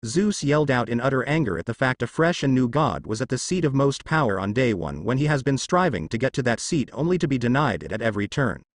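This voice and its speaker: A man's voice: fast, hardly any pauses, no room sound, clean studio sound. A man narrating a fan fiction story, reading every character's lines in his own voice. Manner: reads all figures in his own voice, lively pitch.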